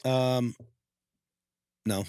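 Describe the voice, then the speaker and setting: A podcast co-host tells a heartfelt personal story, rambling emotionally and restarting often. His mid-range voice is darkish and smooth, with fairly even intonation and drawn-out words. The recording is dry, clean studio sound.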